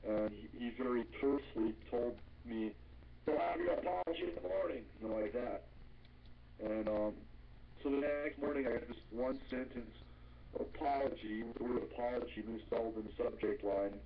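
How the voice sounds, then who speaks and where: A man on a radio interview, calmly and deliberately telling a personal story. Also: mid-range voice. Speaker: radio guest. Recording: muffled radio audio with faint hiss.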